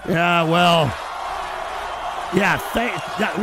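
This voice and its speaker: A man's voice: sits high, lively intonation, moderate pace, vocal fry, crowd noise, noisy background. A man hosting a political livestream, ranting with constant profanity and sarcasm, then reading out viewer donations. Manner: profane, shouting, sarcastic rant; reads viewer donations aloud. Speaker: political talk show host. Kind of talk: livestream rant.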